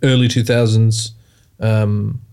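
Deadpan man. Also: on the low side, slow pace, vocal fry, smooth. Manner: deadpan, mock-serious. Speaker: comedy podcast guest. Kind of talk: casual comedy podcast banter.

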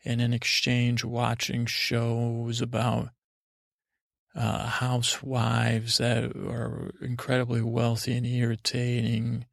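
A gravelly man rambles through a bedtime story, meandering and deadpan. His voice is flat and even, recorded close and dry. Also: mid-range voice, slow pace, no echo. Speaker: podcast host, storyteller.

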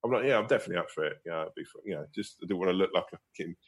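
A man's voice: low voice, animated, rapid-fire. A man, a guest comedian, telling rambling anecdotes in a casual interview, laughing and swearing as he goes.

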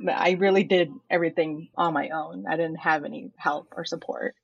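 Chatty young woman, low voice. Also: fairly even intonation, normal speed, creaky, breathy edge, no room sound, highs cut off. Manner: chatty, frequent "like" fillers, laughs while telling stories. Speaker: company founder, guest. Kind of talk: casual interview conversation.

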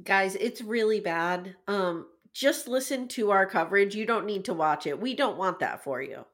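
A woman co-hosting a podcast in casual chat, easygoing and quick to laugh. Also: mid-range voice, lively intonation, a bit bright. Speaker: podcast co-host.

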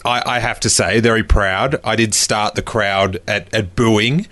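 A man's voice: fairly low pitch, steady tone, a little slow, pushed and bright, no room sound. A man hosting a podcast, chatting casually and laughing while he tells a story. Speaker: podcast host. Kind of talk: casual chat.

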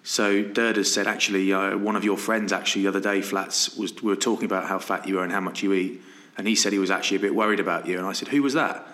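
A man in his thirties chats on a podcast, spinning anecdotes and slipping into his friends' voices. His voice is bright and fairly low. The room around him sounds echoey. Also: steady tone, fast. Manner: storytelling, laughs often, acts out quoted friends. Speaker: podcast co-host. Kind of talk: casual chat.

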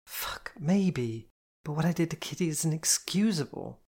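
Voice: medium pitch, expressive, moderate pace, a little mellow, breathy edge, voice pushed up. A reader playing a guilt-ridden young woman who stammers and swears bluntly. It is an audiobook character voice, close to the reader's own. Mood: distraught.

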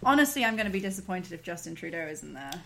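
A woman's voice: lowish voice, big pitch swings, quick pace, creaky, bright, forceful tone, slight background noise. A woman co-hosting a podcast in casual chat, teasing her friend with dry, playful remarks. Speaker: podcast co-host.

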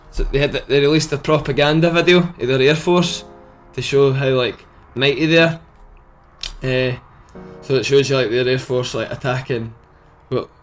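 A man co-hosting a podcast, recounting a funny news item in hesitant casual chat with chuckles. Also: medium pitch. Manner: hesitant, chuckling, lots of fillers. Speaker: podcast co-host.

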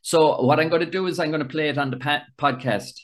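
A man's voice: on the high side, fast. A man hosting a podcast, asking questions in an easygoing, chatty way. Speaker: podcast host. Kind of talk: casual interview chat.

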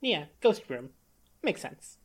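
A woman's voice: low-pitched, very animated, slow, breathy edge. A woman playing a tabletop role-playing game, eager and checking the rules as she goes. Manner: eager, asks rules questions, cheers at rolls. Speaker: player.

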